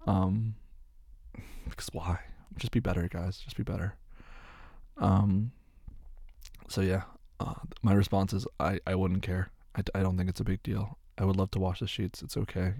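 A young man with a deep, gravelly voice answers his viewers' questions in a loose, rambling way, often repeating words and swearing casually. The sound is dry and close. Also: mellow, no room sound. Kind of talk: casual Q&A chat.

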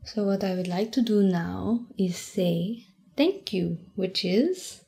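Whispered role-play: a woman doing a playful young French tutor with a French accent, giggling softly as she teases her student. Her slow, unhurried whisper has a mellow, warm tone. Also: medium pitch, vocal fry. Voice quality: soft, mostly whispered voice, giggly. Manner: gentle, teasing, chatty.

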